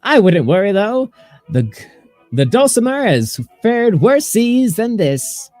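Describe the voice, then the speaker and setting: A man's voice: sits high, big pitch swings, slow, darkish tone, no room sound, soft background music, voice pushed up, exaggerated voice. A man playing Albion, a prim bird-man captain. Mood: reassuring.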